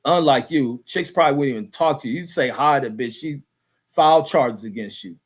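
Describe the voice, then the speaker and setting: A man's voice: medium pitch, a little fast, husky. A man hosting a livestream, ranting heatedly and profanely while reading chat comments aloud, rambling with restarts and fillers. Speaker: livestream host.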